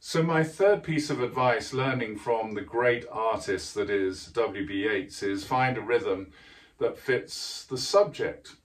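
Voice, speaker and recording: A man teaching how to write poetry, explaining things in a measured way and stressing words with care. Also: medium pitch, distant mic. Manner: measured, deliberate delivery with careful emphasis. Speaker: writing teacher.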